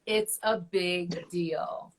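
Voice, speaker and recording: A woman fitness coach as guest in a casual chat, upbeat and quick with wry quips. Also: fairly low pitch, fairly even intonation, a little hiss or hum.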